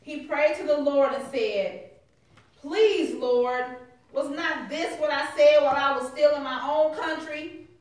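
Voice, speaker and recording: A woman's voice: high voice, a little slow. A woman reading scripture verses aloud at a Bible study. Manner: reads verses aloud steadily. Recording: distant, very echoey room.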